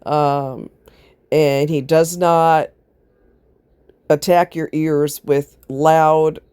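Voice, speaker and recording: Low-voiced chatty woman. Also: steady tone, drawn-out words, mellow, smooth, no echo. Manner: chatty, rambling, laughs a lot. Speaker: vlogger. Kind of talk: casual chat.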